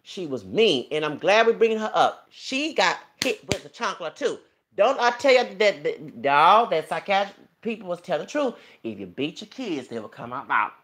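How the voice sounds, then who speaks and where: A man's voice: high-pitched, very animated, moderate pace, fairly bright tone. A man ranting emotionally and profanely in his own vlog, delivering celebrity gossip commentary. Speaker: YouTuber.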